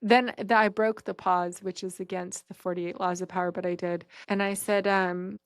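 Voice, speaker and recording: A woman's voice: fairly low pitch, little pitch movement, moderate pace, few pauses, no echo, clean studio sound. A woman in her forties hosting a podcast, telling a long story in a frank, rambling way with casual swearing. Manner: frank and profane, rambling asides. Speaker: podcast host.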